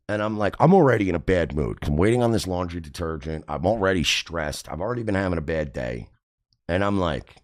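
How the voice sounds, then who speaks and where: A man hosting a radio show, telling a story in a casual, profane, animated way. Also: deep voice, fast talker. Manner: profane, animated, acts out quotes.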